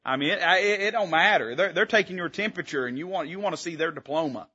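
A man's voice: on the high side, fast talker, pushed and bright, husky, dull audio. A man preaching a sermon from the pulpit, speaking in an emphatic, rising-and-falling preaching cadence. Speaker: pastor. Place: church sanctuary.

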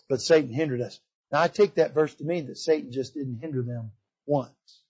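A man preaching a revival sermon in church, swinging from loud emphasis to hushed pleading. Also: a little high, expressive, normal speed, husky, highs cut off. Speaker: visiting preacher. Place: church sanctuary.

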